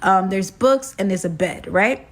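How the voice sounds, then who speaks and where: A young woman, from Brooklyn, telling a personal story in an animated, slangy, emphatic way. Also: mid-range voice, measured pace. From Brooklyn, New York. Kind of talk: storytime vlog.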